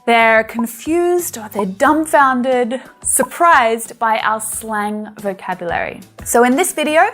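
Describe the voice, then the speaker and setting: An Australian woman with a slightly high voice gives a friendly, explanatory English lesson in her own Australian accent. Faint music plays softly behind her. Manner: friendly, explanatory, laughs now and then. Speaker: English teacher.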